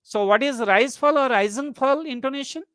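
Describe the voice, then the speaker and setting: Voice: high voice, moderate pace, fairly bright tone, smooth, no room sound. A lecturer giving an academic webinar talk, explaining things step by step and restating each definition. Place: online webinar.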